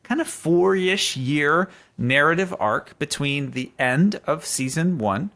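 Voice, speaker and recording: A man co-hosting a TV recap podcast, explaining the story in a measured way. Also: a little high, expressive, fairly bright tone. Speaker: podcast co-host. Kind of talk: casual chat.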